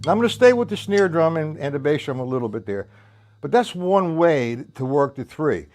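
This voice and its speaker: Tired from a sleepless night, a man running a drum lesson on a live stream wanders loosely in his talk and counts the beats out loud over the drum kit. His voice is slightly high with big pitch swings, a moderate pace and a darkish tone, with faint music behind.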